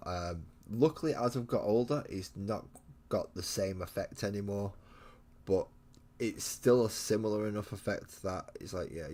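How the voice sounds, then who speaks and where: Deep-voiced, foul-mouthed English man streaming. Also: moderate pace, darkish tone. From England. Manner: swears constantly, blunt and mocking, rambling banter. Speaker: streamer painting miniatures. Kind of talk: casual live-stream chat with viewers. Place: home hobby room.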